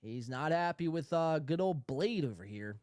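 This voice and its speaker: A man's voice: on the high side, expressive, moderate pace, a little mellow, no echo, studio quality. A man hosting a podcast, ranting in a sarcastic, profane, rambling way. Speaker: podcast host. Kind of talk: ranting commentary.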